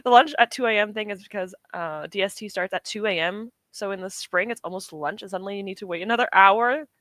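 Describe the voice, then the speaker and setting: A woman's voice: medium pitch, fast, fairly bright tone, dry recording. A young woman from the UK chatting casually with her stream chat, rambling, laughing often and correcting herself. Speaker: streamer reading chat comments.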